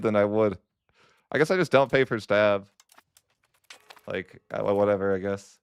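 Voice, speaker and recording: A man's voice: fairly low pitch, moderate pace, pauses often, smooth, dry recording. A man giving casual commentary over a strategy game, wry and mock-dramatic as he grumbles about his bad luck. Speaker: gaming YouTuber.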